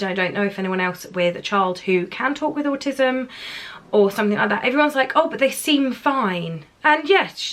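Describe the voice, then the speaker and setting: A woman, talking quietly and emotionally to camera in a casual vlog. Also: medium pitch. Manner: soft-spoken, often dropping quiet and tearful. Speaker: parent vlogger.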